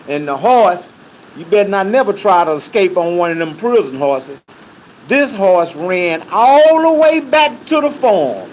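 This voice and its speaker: A middle-aged man, telling stories in a casual, profane, animated way and laughing often. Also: a little high, slight background noise, low-quality recording. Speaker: interview guest. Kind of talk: casual storytelling.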